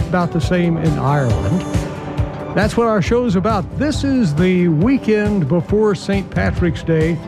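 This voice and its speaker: A man hosts a morning radio show. His voice sits high and swings all over, with a gravelly edge and a mellow, dark tone. He chats and teases his guests in a friendly way. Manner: friendly, chatty, teasing guests. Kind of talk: casual radio chat.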